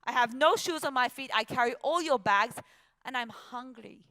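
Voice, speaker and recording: An Australian woman voicing a hardworking male trekking porter, blunt and loud. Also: moderate pace. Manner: blunt, louder and higher than her own voice.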